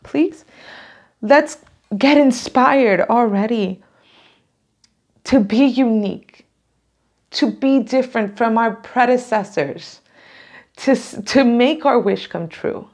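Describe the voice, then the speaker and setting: Gravelly-voiced woman reading tarot, emotional. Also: fairly high pitch, takes it slowly, long pauses, darkish tone. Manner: emotional, rambling, laughs often. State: near tears. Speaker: tarot reader. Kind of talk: casual tarot reading to camera.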